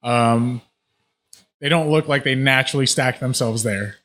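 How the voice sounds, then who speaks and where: A man's voice: mid-range voice, unhurried, fairly bright tone. A young man running a tabletop game, explaining rules and describing scenes in a loose way with many fillers. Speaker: game master.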